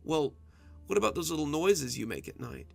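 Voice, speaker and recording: A man's voice: a little high, wildly swooping pitch, moderate pace, vocal fry, a little mellow, soft background music, voice pushed up, exaggerated voice. A man voicing a frightened, childlike little monster hiding under a bed, stammering and blustering in a storybook reading.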